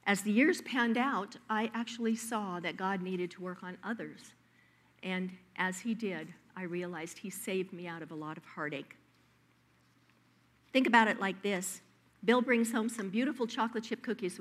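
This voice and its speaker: Lady preacher, mid-pitch voice, emphatic storytelling sermon. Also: normal speed.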